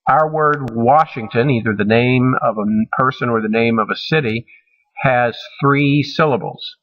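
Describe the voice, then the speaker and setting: A male college instructor talks through a recorded lecture at an unhurried, deliberate pace, mid-pitched and even. He pauses often with ums and restarts his sentences as he explains. The sound is dull and lo-fi. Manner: measured, halting with frequent ums and restarts.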